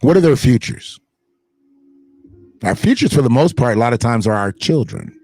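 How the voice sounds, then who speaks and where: A man's voice: mid-range voice, expressive, moderate pace, a little mellow. A man hosting his own online show, talking in blunt, profane, emphatic casual commentary.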